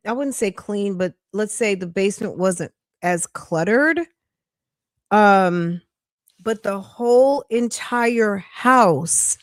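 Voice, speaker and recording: A woman's voice: medium pitch, no echo, clean studio sound. A woman hosting a casual true-crime news chat, chatty and emphatic with sassy asides. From New York. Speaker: true-crime commentary host.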